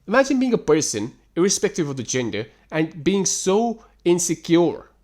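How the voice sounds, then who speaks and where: A man ranting through a reaction commentary with exasperated sarcasm and frequent swearing. His fairly high voice leaps up and down in lively swings as he questions and scolds. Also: normal speed. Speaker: host reacting to text screenshots.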